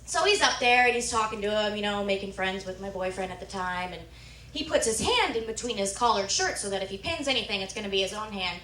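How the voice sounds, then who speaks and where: Young woman comic from Nebraska, animated storyteller, bright edgy voice, roomy stage mic heard from a distance. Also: fast, a little hiss or hum. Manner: animated storytelling, squeals quoted lines high. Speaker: stand-up comedian. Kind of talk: stand-up routine. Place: comedy club stage. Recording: echoey room, mic from far off.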